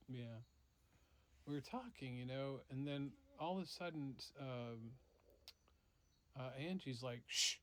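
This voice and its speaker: A man tells his child a laid-back, unhurried story, filling it with ums and similar fillers and acting out the parts; his voice is medium in pitch.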